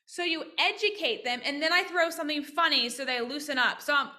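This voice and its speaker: A woman physical therapist teaching practice owners on a video call, lively and interactive, often asking questions. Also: high voice, a little fast. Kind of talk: casual online teaching with role-played examples.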